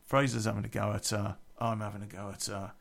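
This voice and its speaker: A man with a low, gravelly voice telling a story from his own life. He speaks bluntly and casually, swearing freely all the way through. His delivery is plain and unpolished. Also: level tone, fast talker.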